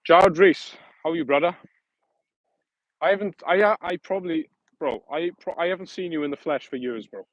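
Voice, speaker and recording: A man's voice: fairly high pitch, moderate pace, no echo, lo-fi sound. A man hosting a casual livestream outdoors, rambling and correcting himself in a friendly, matey way. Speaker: livestream host.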